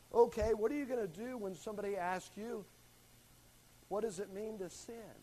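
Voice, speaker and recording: A man's voice: high-pitched, normal speed, warm tone, poor audio. A man teaching a Bible study class, calling on students and stressing key words as he explains a verse. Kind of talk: classroom Bible lesson with questions.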